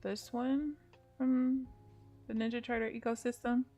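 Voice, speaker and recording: A woman's voice: on the high side, unhurried, soft background music. A woman day trader talking casually and thinking aloud during a live stream from home. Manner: relaxed, rambling, thinking aloud.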